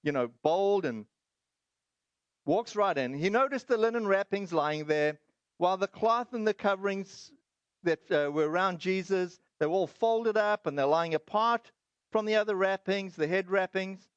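Pastor, male, high voice, chatty sermon delivery with restarts, dry slightly dull recording. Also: moderate pace, smooth, no echo. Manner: conversational, with frequent fillers and restarts.

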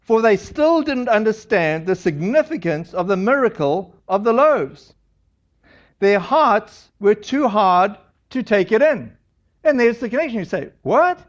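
High-voiced pastor, chatty sermon. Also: male voice, lively intonation, a little slow, dull audio. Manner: casual and chatty, retelling a scripture passage with asides. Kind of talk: conversational sermon.

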